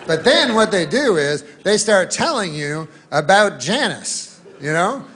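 Deadpan man telling a rambling stand-up bit. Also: high voice, measured pace, background noise. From Canada. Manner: rambling, deadpan, puts on voices for newsmen. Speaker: stand-up comedian.

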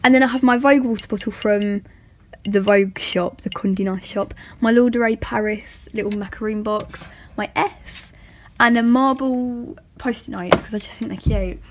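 A woman's voice: fairly high pitch, moderate pace. A young woman vlogger chatting casually and rambling as she shows off her bedroom, with many fillers and giggles. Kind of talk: casual room tour.

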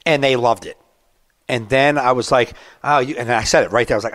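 Comic in his thirties, mid-pitched, dry booth sound, lively war-story delivery. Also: fairly quick, no room sound. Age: 30s. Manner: animated storyteller, acts out rants. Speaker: stand-up comedian, podcast co-host. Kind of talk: casual podcast chat.

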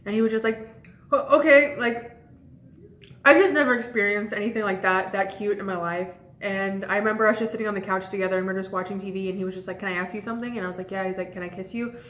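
A woman's voice: mid-range voice, steady tone, quick pace, fairly bright tone. A young woman telling a rambling first-date story to her viewers in casual chat, full of "like" and "um". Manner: chatty, rambling, lots of "like" and "um". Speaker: vlogger. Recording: echoey room.

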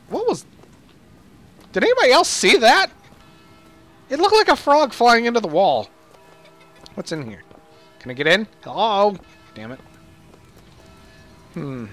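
A man's voice: high voice, fairly bright tone. A young man joking and laughing as he comments on a video game. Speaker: gamer. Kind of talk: let's play commentary.

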